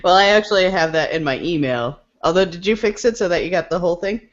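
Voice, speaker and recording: A woman's voice: lowish voice, fast. A woman co-hosting a podcast, giggly and playful in casual chat. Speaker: podcast co-host. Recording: dull lo-fi podcast audio.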